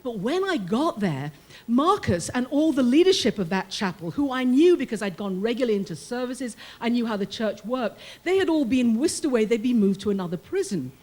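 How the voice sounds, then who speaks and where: Lively British woman telling a story. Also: on the high side, brisk. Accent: British English. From Britain. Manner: lively, humorous storyteller who acts out quoted voices. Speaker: prison chaplain telling a story. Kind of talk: live personal storytelling.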